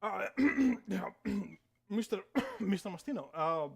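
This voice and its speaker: A man's voice: sits high, expressive, slow pace, creaky, breathy edge, heavily acted. A man voicing a nervous male hotel desk clerk in a tabletop game, stammering and fawning.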